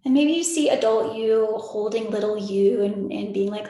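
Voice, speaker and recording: A woman in her twenties leading a guided meditation on a video call, talking in a soft, soothing, repetitive way with casual filler words. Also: medium pitch, moderate pace, few pauses, heavy reverb. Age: 20s. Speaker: spiritual meditation leader. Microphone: video call microphone.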